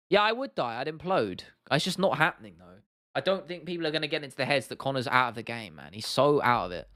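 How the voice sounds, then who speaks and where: A young man chatting on a livestream, giving blunt, opinionated takes and swearing freely. He often stops and restarts mid-sentence. His voice sits at an ordinary pitch and sounds close and dry, with no room around it. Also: bright, forceful tone, no echo. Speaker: livestream host. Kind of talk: casual livestream chat answering viewers.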